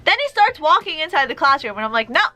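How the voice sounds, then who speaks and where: A young woman telling a personal story in a vlog, animated and exasperated. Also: sits high, quick pace, soft background music. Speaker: vlogger.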